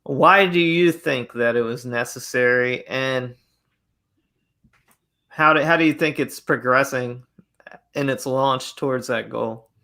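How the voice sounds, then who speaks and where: Bright-voiced joking male podcast host. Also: mid-range voice, slow pace, creaky, pauses often. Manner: relaxed and joking, hesitant restarts. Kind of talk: casual podcast interview.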